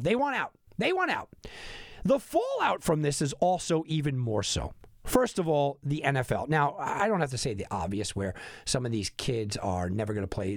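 Animated, gravelly male betting podcast host. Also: on the high side, no echo, studio quality. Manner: exasperated, sarcastic, emphatic repetition. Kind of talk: animated opinion monologue.

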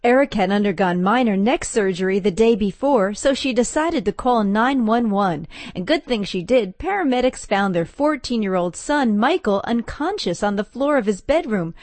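A woman's voice: medium pitch, animated, moderate pace, few pauses, darkish tone, no room sound. A woman reporter reading a scripted story for radio. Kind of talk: scripted news narration.

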